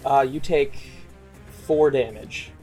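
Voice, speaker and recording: A man's voice: medium pitch, slow, mellow, soft background music. A man narrating a tabletop game as game master, casual and laughing, swearing freely.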